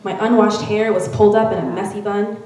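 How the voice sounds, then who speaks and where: A woman reading a first-person narrative aloud with expressive storytelling at a church event. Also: medium pitch, brisk. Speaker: reader at a church Mother's Day event. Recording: very echoey room, from far off.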